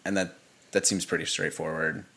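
A man's voice: deep voice, steady tone, moderate pace, sharp tone. A man co-hosting a podcast in casual chat, making dry, wry remarks. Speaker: podcast co-host.

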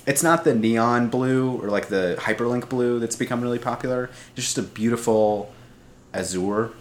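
A man with a medium-pitched voice and normal speed co-hosts a podcast in casual chat. He rambles, pokes fun at himself, and laughs often.

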